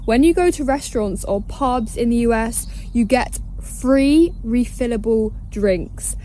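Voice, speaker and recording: Woman, mellow, warm voice, upbeat list-style delivery to camera. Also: on the high side, a little slow, a little hiss or hum. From Britain. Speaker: travel vlogger. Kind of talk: listing tips to camera.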